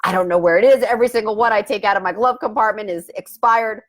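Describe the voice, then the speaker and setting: A woman's voice: medium pitch, fast talker. A middle-aged woman talks casually about something that happened to her, in a chatty and reflective way. She laughs often and puts on little voices when she quotes what people said. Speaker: love coach and host. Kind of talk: casual vlog storytelling.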